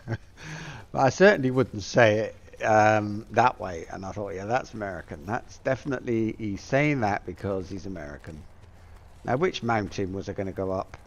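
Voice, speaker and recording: Middle-aged gamer from Plymouth, low voice, rambling casual commentary. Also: male voice. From Plymouth, England. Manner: rambling, musing aloud with many fillers. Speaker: gameplay streamer.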